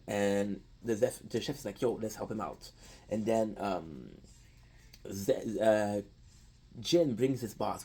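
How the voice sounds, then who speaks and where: A man's voice: lowish voice, gravelly, dark tone, slightly rough, poor audio. A man casually retelling an anime story, with lots of restarts and offhand swearing. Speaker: anime commentator.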